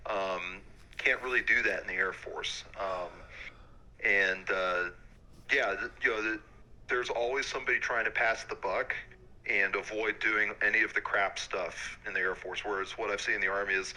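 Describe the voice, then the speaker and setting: A man in his thirties, an Army warrant officer, talking frankly in a relaxed interview with many fillers. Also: fairly low pitch, moderate pace, rough recording. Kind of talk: casual interview.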